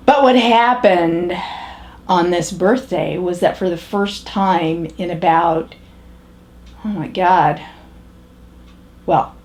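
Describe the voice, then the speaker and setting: An actress performing a monologue as a pragmatic, matter-of-fact middle-aged woman, speaking in a measured, halting way with pauses and restarts. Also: on the low side, a little mellow. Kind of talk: character monologue.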